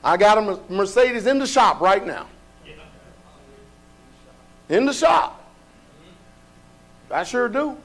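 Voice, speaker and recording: A male pastor preaching a sermon in a colloquial, folksy way, firing off rhetorical questions and sometimes rising to shouts. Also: high voice, very animated, takes it slowly, long pauses.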